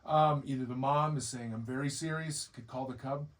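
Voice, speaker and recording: A man's voice: mid-range voice, fairly even intonation, a little fast, hardly any pauses, recorded from a distance, slight background noise, low-quality recording. A man giving an informal training lecture to bear viewing staff, explaining behavior and acting out what bears and guides might say. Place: lodge room with a group.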